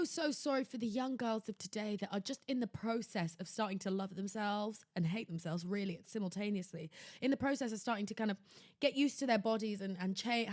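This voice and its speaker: A young woman hosting a podcast, talking in a theatrical, exclamatory way that jumps between loud outbursts and hushed asides. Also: a little high, no echo, studio quality. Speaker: podcast host. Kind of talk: casual chatty monologue. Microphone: laptop recording setup.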